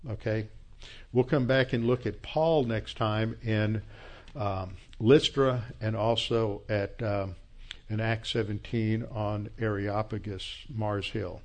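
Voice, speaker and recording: A man's voice: on the low side, fairly even intonation, slow. A man teaching a church Bible class in a conversational, reflective lecturing style and closing in prayer.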